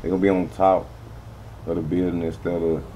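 A man's voice: low voice, little pitch movement, fairly quick, dull audio, slight background noise. A man giving rambling, profane gameplay commentary as he talks to his viewers. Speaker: gaming streamer.

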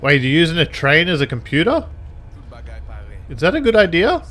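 Male gamer, silly wisecracking commentary, bright voice that swings all over. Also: on the high side, sing-song, normal speed, long pauses. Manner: goofy, yelling and wisecracking at the game. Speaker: puppet character gameplay commentator. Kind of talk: comedic gameplay commentary.

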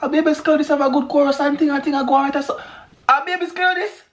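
A Jamaican man reacting to music on his vlog, talking excitedly, shouting exclamations and repeating phrases fast. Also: very high-pitched. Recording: echoey room with music playing.

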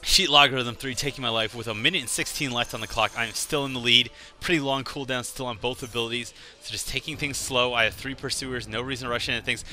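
A man's voice: medium pitch, steady tone, fast, hardly any pauses, bright, forceful tone, soft background music. A man giving casual gameplay commentary, rambling and joking as he tells stories. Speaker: gaming commentator.

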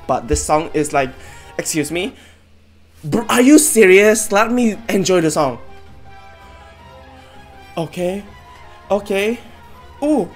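A streamer giving excited live reaction commentary, full of exclamations and swearing. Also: mid-range voice.

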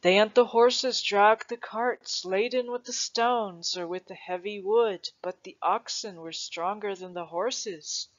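Storybook grandfather, old and patient, voiced by the reader, slow gentle telling on a dull recording. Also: mid-range voice, natural voice. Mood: fond. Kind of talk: storybook reading.

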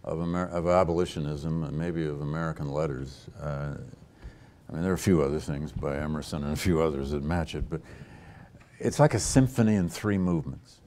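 A man with a very low voice takes audience questions in a lecture hall. He speaks as a historian, thinking aloud and pausing on his words, with frequent false starts as he works through his answers. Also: mellow. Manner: thoughtful, with frequent hesitations and restarts.

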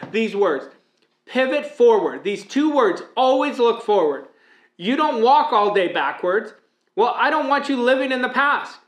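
In an echoey room, a mindset coach delivers an emphatic, preachy motivational speech packed with rhetorical questions. His voice is very high-pitched and slightly bright.

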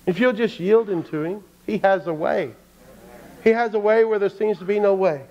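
A man's voice: high-pitched, moderate pace. A man preaching a sermon as pastor, telling a story and acting out the people in it. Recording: dull lo-fi church stream.

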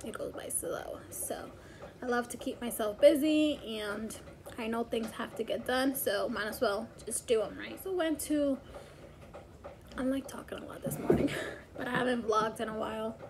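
A woman's voice: fairly high pitch, normal speed, gravelly, noisy background. A woman vlogging casually at home as a mother, chatty and rambling with many fillers. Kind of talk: casual chat. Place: home, indoors.

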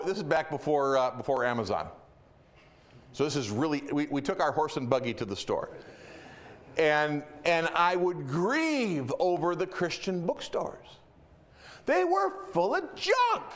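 Animated high-voiced middle-aged male preacher. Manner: animated, emphatic storytelling. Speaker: pastor. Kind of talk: sermon.

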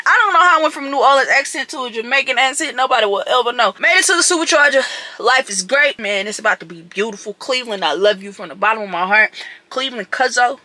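A man vlogging casually while driving, animated and excitable with loud outbursts, recorded on a phone inside a moving car. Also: very high-pitched, fast talker. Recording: car road noise.

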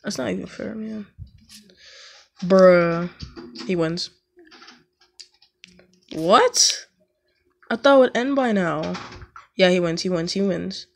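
A woman chatting casually over gameplay at home, slangy and prone to sudden excited yelps. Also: lowish voice, takes it slowly, gravelly, pauses often, slight background noise. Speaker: gaming YouTuber.

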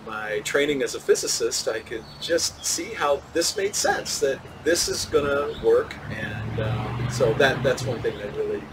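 A man's voice: medium pitch, measured pace, hardly any pauses, background noise. Man speaking from a distance outdoors. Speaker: physicist and solar cooker tester, interview guest. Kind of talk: relaxed interview answers.

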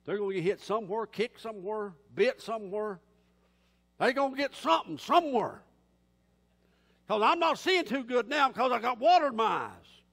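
Man, pastor, impassioned folksy sermon, very high voice, long echoing church reverb. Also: animated, moderate pace, a bit bright. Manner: impassioned, folksy preaching with casual grammar. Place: church sanctuary.

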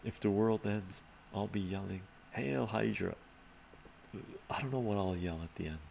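Low, gravelly-voiced man rambling on stream. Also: a little fast, warm tone, slight background noise. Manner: rambling, often tags "right?", chuckles. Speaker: live streamer answering chat. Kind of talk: casual live-stream Q&A.

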